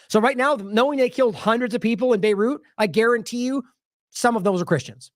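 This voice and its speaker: A man's voice: high-pitched, expressive, quick pace, dry recording, clean studio sound. A man giving casual independent news commentary, indignant and talking straight to his viewers while he reacts to social media posts.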